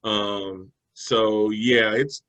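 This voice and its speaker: Man, sports co-host, bright tone, easygoing and chatty, with fillers. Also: lowish voice, steady tone, very slow, low-quality recording. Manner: conversational, loose with fillers and restarts. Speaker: sports talk show co-host. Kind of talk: casual sports analysis chat.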